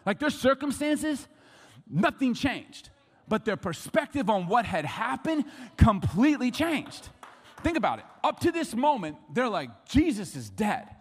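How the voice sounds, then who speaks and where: A man's voice: very high voice, big pitch swings, unhurried, husky, long reverb tail. A man in his forties preaching a sermon, chatty and jokey, acting out little voices as he talks. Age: 40s. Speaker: pastor.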